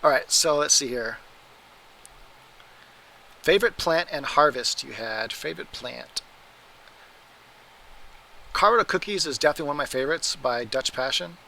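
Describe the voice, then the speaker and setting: Bright-voiced man rambling through viewer questions. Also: a little high, expressive, moderate pace, gravelly, long pauses, low-quality recording. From Oregon, US. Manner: rambling, self-correcting, laughs at his own mistakes. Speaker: livestream host answering viewer questions. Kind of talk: casual livestream chat.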